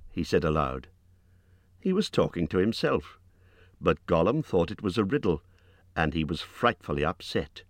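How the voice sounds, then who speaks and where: Male audiobook narrator, very low voice with a lively delivery, recorded dry. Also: moderate pace, long pauses, no room sound. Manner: expressive reading, rising high for character lines. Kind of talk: scripted narration.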